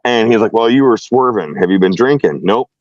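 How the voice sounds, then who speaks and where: Animated man telling a story. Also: fairly low pitch, fairly quick, no room sound, highs cut off. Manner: animated, acts out both sides of a dialogue. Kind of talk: casual storytelling.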